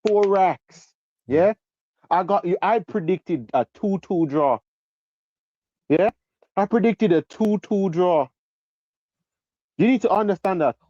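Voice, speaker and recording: A man's voice: high voice, lively intonation, slow pace, pauses often, mellow, no room sound, highs cut off. A man calling in to a football stream and ranting about a lost bet, hammering each point with a repeated "yeah?".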